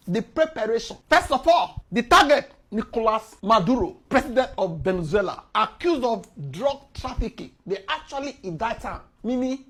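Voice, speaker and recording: A Nigerian woman hosts a casual news explainer, her voice husky and slightly breathy. She tells the story in a lively way, chuckling often as she goes. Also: medium pitch. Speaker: host.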